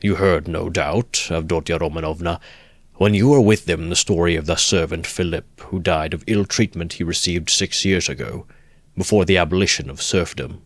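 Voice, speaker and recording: Self-important middle-aged gentleman, read by a male narrator, low voice, formal and wordy, dry close sound. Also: normal speed, dry recording. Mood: pompous. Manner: formal, long-winded, pompous.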